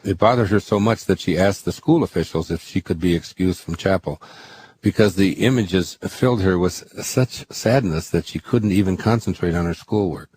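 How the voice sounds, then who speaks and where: A man reading his own spiritual book aloud as audiobook narration, in a measured, earnest way that slows down for quoted scripture. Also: low-pitched, a little mellow, a little hiss or hum.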